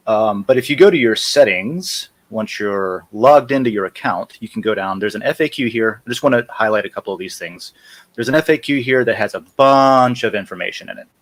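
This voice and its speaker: A man with a fairly low voice hosts a casual live stream. He talks viewers through a software demo, loose and chatty, and stops to fix his own windows and wording as he goes. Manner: casual, self-correcting while clicking through screens. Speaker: host.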